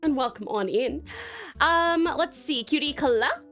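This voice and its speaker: A young Australian woman on a live stream, gushing and cursing with delight as she thanks her viewers. Her voice is high and bounces around animatedly. Soft music plays underneath. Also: expressive, unhurried. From Tasmania, Australia. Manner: effusive, bubbly, swears freely. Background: faint music.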